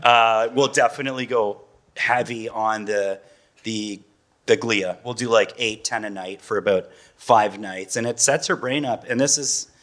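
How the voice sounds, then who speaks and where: A man's voice: fairly low pitch, steady tone, unhurried, fairly bright tone. A man in his forties, a parent guest on a panel, talking in a chatty, loose way and laughing often. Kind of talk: casual panel talk.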